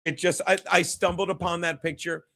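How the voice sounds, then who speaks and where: A man talks loosely on a home livestream, cursing often and drifting from thought to thought. His voice sits fairly high for a man, and he speaks straight to the chat. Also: flat delivery, fairly quick, pushed and bright, a little hiss or hum. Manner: profane, rambling, chats with viewers. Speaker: comedian hosting a livestream. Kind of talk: casual solo livestream chat.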